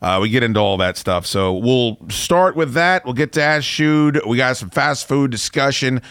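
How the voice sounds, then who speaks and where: A man's voice: medium pitch, moderate pace, a bit bright, clean tone, no echo, studio quality. A man hosting a sports talk podcast, casually rambling and joking, with lots of fillers and restarts. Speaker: podcast host.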